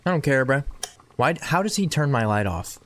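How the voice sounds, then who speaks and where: A man giving excitable horror game playthrough commentary, talking back to the game and repeating himself. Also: medium pitch, normal speed, loud music behind the voice. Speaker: gaming video creator. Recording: noticeable background noise.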